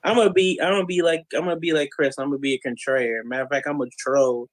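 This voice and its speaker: A man's voice: on the high side, fairly even intonation, fast talker, no room sound, low-quality recording. Rambling trash-talking man, dry sound. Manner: rambling, trash-talking, with loud mocking voices for fans. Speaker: podcast guest. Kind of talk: casual chat.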